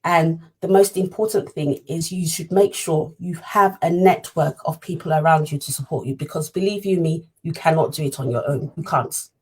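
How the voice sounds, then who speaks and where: Woman, parent telling her story; husky, earnest, repeats herself for emphasis. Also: sits low, moderate pace, few pauses. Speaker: parent sharing her experience. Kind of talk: personal storytelling talk.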